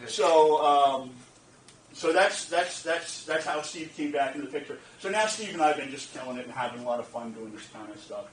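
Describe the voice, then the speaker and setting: Animated man telling a story in an echoey room. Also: a little high, a little fast, slight background noise. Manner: animated, laughing, repeats phrases, asks the audience "you get what I'm saying?". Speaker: speaker at a lecture event. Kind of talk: storytelling talk to an audience. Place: lecture room. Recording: roomy, distant from the mic, faint ambience.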